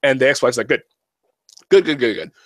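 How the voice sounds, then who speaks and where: A man's voice: mid-range voice, fairly quick, no room sound. Guy in his 30s yakking on a podcast, acts out what his kids said, dry close sound. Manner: animated storyteller who acts out family dialogue. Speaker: podcast co-host. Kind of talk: casual chat.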